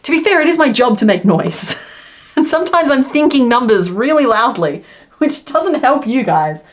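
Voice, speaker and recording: A woman's voice: sits high, sing-song, moderate pace. A young woman chatting casually with her live-stream viewers while she crochets, laughing often and counting stitches under her breath. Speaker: crochet livestream host.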